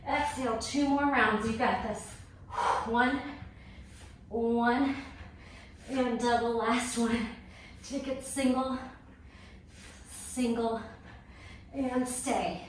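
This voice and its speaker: A woman's voice: on the high side, fairly even intonation, very slow, pauses often. Breathless woman fitness instructor cueing moves. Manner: short, clipped exercise cues. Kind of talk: workout class cueing. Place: home workout space. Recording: echoey room from far off, faint noise.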